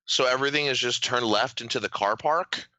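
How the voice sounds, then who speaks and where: A man's voice: medium pitch, a little fast, bright, forceful tone, dry recording, dull audio. A man co-hosting a comedy podcast in casual chat, joking around and slipping into mocking voices. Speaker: podcast co-host.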